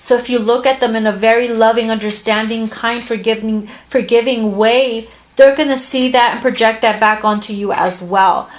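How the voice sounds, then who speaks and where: A woman's voice: on the high side, fairly even intonation, normal speed, few pauses. Earnest woman giving a tarot reading. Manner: earnest, heartfelt, with many restarts and fillers. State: emotional, near tears at times. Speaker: tarot reader. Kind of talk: casual tarot reading to camera.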